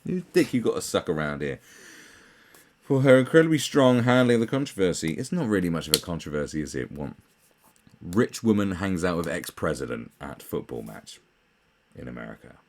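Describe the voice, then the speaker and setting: A man's voice: low-pitched, sing-song, fairly quick. A man ranting through a commentary video, profane, sarcastic and exasperated. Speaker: commentary channel host.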